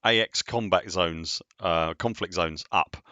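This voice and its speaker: Excitable man streaming a game. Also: deep voice, measured pace, dry recording. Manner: chatty and excitable, laughs often, self-deprecating. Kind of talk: casual live-stream chat.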